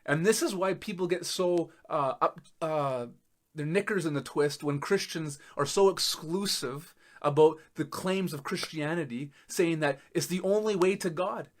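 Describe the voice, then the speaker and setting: A man's voice: fairly high pitch, a little slow. Emphatic man preaching a sermon. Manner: emphatic, laughs in disbelief, swings between loud and soft. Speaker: pastor. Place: church.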